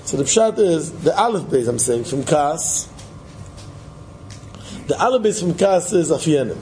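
Male Torah lecturer, lively sing-song preaching, slightly high voice over faint room noise. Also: normal speed, pauses often, low-quality recording. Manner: animated, repetitive, sing-song emphasis, mixes Hebrew and Yiddish terms. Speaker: Torah teacher. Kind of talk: Yiddish-inflected Torah lecture.

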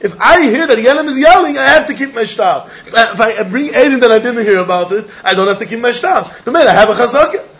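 A man's voice: extremely high pitch, lively intonation, quick pace, few pauses, a bit bright. A man teaching a Talmud class, repeating points with emphatic sing-song delivery and mixing in Yiddish and Hebrew terms.

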